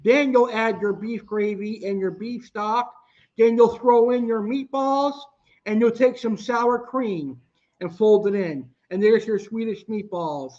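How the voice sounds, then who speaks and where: A man's voice: high voice, a little slow, darkish tone. A young man teaching a cooking class, talking through recipe steps plainly with some restarts. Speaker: cooking instructor. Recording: dull lo-fi sound.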